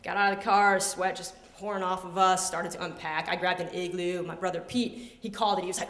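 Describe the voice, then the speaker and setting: A woman's voice: on the low side, steady tone, a little fast, hardly any pauses, a bit bright. A woman in her thirties telling a personal story live on stage, playful and self-amused, slipping into voices for the people in it. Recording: echoey hall.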